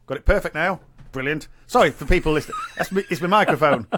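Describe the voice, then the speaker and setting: A man's voice: fairly high pitch, pushed and bright. A man with a Yorkshire accent co-hosting a podcast, chatting and joking in a casual, playful way and echoing his partner. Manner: jokey, repeats and echoes his co-host, quick laughs. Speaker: podcast co-host. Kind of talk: casual comedic chat.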